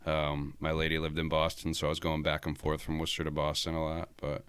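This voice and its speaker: A man's voice: a bass voice, monotone, fast, a bit bright, smooth, no room sound. A man guesting on a podcast, telling road-trip stories in a laid-back way, swearing a lot and laughing often. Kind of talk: casual storytelling chat.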